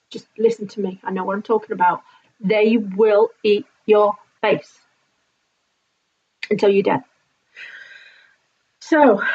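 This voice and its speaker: A woman vlogger telling a story in an animated, indignant way, swearing freely. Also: mid-range voice, breathy edge. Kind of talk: casual storytime vlog. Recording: slightly dull lo-fi sound.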